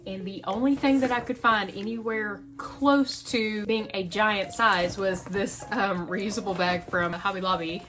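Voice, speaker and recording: Excitable young woman gushing over her crafts at home, faint music behind. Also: medium pitch, normal speed, hardly any pauses. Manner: excitable, gushing, chatty with frequent exclamations. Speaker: crochet vlogger. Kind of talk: casual vlog chat.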